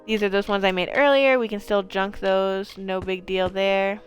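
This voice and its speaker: A woman's voice: mid-range voice, fairly even intonation, moderate pace, soft background music. A woman streaming a game, talking casually and rambling along, swearing freely and filling her talk with "like" and "um". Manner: chatty, rambling, swears freely, lots of fillers. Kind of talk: casual gameplay commentary.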